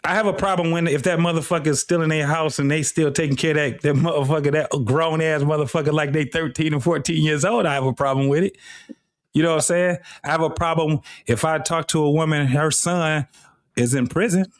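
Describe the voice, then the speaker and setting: A man's voice: fairly high pitch, fairly even intonation, fairly quick, no room sound, studio quality. A middle-aged man hosting a live talk show, speaking bluntly and casually with frequent profanity. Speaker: host.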